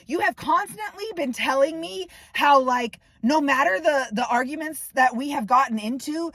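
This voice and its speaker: A woman's voice: sits high, a bit bright, no echo. A woman venting to camera, ranting in heated, profane bursts about a falling-out. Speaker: vlogger. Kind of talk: angry personal venting to camera.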